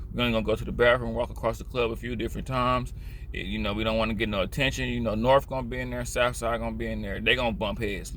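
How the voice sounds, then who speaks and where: Blunt Californian man, bright tense voice. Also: mid-range voice. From Richmond, California. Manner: blunt, profane, rambling storytelling. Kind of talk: casual street commentary.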